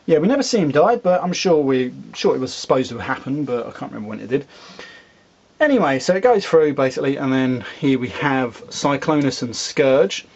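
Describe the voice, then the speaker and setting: A man's voice: mid-range voice, animated, brisk, a little mellow, dull audio. Man rambling through a comic review. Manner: rambling, with fillers and asides. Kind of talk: casual video review.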